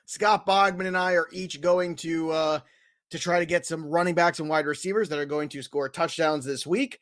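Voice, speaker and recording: A man's voice: on the high side, steady tone, moderate pace, fairly bright tone, no room sound, studio quality. A man hosting a fantasy football podcast, chatting casually and hyping his picks. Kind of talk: casual sports talk.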